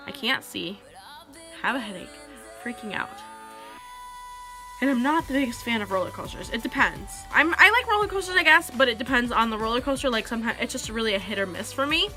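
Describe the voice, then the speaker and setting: Quick, bright-voiced teenage girl vlogger. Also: a little high, expressive, soft background music. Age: teenager, about 16. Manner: chatty, rambling, heavy use of "like". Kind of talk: casual storytelling to camera.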